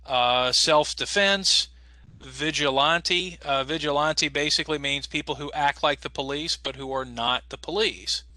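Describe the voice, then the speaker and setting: Very bright-voiced man teaching class. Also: on the high side, dry recording. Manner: patient, explains slowly with many fillers. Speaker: English as a second language teacher. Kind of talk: online class instruction.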